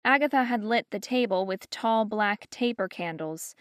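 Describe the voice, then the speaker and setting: A woman narrating an audiobook in an even, measured storytelling manner, close to a studio microphone. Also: mid-range voice, smooth, dry recording. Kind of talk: scripted narration. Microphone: close studio mic.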